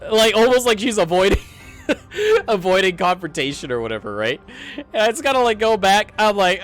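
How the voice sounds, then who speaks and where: High-voiced guy ranting about a retail job, super lively, faint music behind. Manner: animated, acts out dialogue, swears and laughs. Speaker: streamer telling a work story. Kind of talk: casual ranting storytelling.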